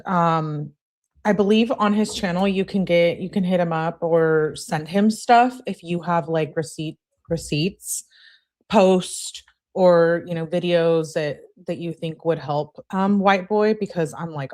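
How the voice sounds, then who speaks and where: A woman's voice: fairly low pitch, takes it slowly, darkish tone. A woman hosting a casual livestream, chatting with her viewers and reading a news article aloud with frequent filler words. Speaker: livestream host.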